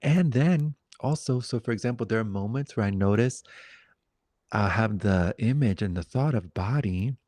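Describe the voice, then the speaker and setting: A man leading a satsang, speaking in a reflective, gentle way with wandering pauses. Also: lowish voice, expressive, no room sound. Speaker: satsang teacher. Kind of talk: spiritual dialogue.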